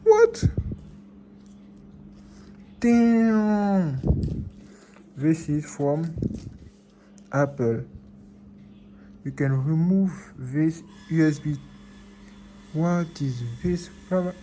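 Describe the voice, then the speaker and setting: A man narrates an unboxing into his phone, excited and full of disbelief, repeating his phrases. His voice sits a little high and he speaks slowly. Steady noise runs under the recording. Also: rough recording. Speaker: vlogger. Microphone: phone camera.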